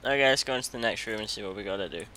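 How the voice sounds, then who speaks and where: A man's voice: medium pitch, very fast, bright, forceful tone, slight background noise. A man commenting on a horror game as he plays, joking and talking as the toddler he controls, with sudden startled yelps. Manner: jokey, talks as the toddler he plays, jumpy yelps. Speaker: gaming commentator.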